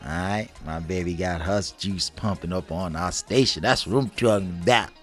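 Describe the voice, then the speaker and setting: A man with a very deep voice chats loosely with his partner as co-host. He talks in easy street slang, often laughing, with soft music underneath. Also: normal speed. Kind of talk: casual chat.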